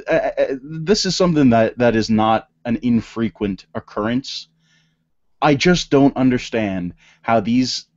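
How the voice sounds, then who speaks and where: A man's voice: medium pitch, darkish tone. A man co-hosting a casual political podcast, talking in rambling sentences with many restarts and fillers. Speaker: podcast co-host. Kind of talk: casual panel chat. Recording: dull lo-fi audio.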